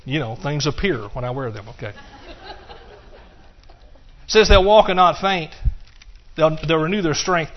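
A man's voice: a little high, unhurried, long pauses, a little hiss or hum. A middle-aged man preaching a sermon, breaking into song and calling out to his congregation. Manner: bursts into song and laughter, calls out to the congregation. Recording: dull, muffled recording.

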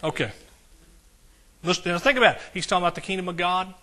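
A man preaching a sermon to a congregation, swinging between loud declarations and quiet asides and asking the crowd questions. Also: sits high, quick pace. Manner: talks directly to the congregation, asks questions. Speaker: pastor.

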